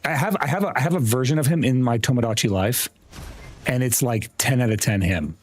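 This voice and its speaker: Man, gaming livestream, casual chat, swears a lot, laughs often, excitable. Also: mid-range voice, brisk. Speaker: streamer.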